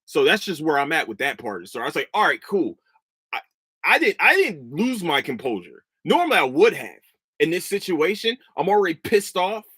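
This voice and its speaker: A man's voice: fairly high pitch, big pitch swings, brisk, pushed and bright, slightly rough, dry recording, studio quality. A man in his thirties hosting a podcast, telling a story as a profane, heated rant. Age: 30s. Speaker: podcast host. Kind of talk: casual chat.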